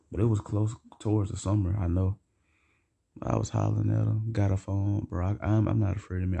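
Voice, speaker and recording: A man's voice: lowish voice, vocal fry, dark tone, slightly rough. A young man casually telling a rambling, slangy, profane personal story for his vlog.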